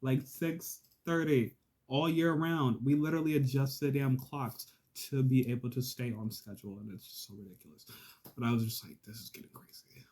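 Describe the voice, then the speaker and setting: A man vlogger telling a casual, profane story, swinging from loud exasperated outbursts to hushed asides. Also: medium pitch, fairly even intonation, moderate pace.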